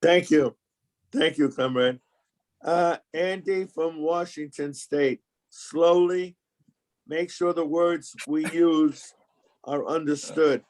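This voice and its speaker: A man moderating an online question session, brisk and polite, calling on people. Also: a little high, a little mellow.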